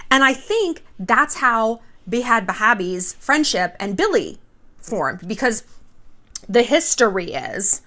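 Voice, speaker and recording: A woman's voice: mid-range voice, a bit bright. A woman hosting a vlog, with candid, chatty commentary laced with profanity. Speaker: vlog host. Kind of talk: casual commentary.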